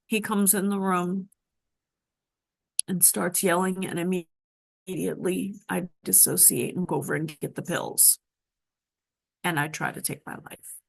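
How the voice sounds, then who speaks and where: A woman guest telling a deeply personal story with emotion, acting out the voices of people in it. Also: creaky. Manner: emotional, dramatic retelling with voiced quotes.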